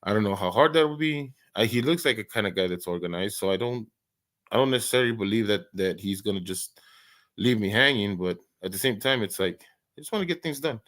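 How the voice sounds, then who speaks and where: A man's voice: on the low side, lively intonation, fast talker, fairly bright tone. A man hosting an early-morning live stream, chatting casually, rambling and stammering through many restarts and laughing often.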